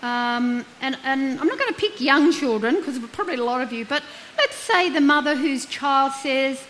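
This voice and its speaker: A middle-aged woman speaks as a counsellor, with a fairly high voice. She talks earnestly, asking her listeners questions and walking them through everyday examples. A faint hiss sits under her voice. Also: animated, normal speed, fairly bright tone, low-quality recording. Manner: earnest, uses rhetorical questions and acted examples. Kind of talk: reflective talk on guilt.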